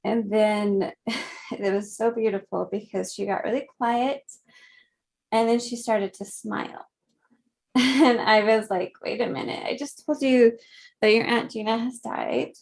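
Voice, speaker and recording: Woman in her 30s being interviewed, talks real slow and gentle, soft little laughs here and there. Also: a little high, steady tone, gravelly. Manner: slow, gentle, reflective, laughs softly often. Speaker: guest. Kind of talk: conversational interview.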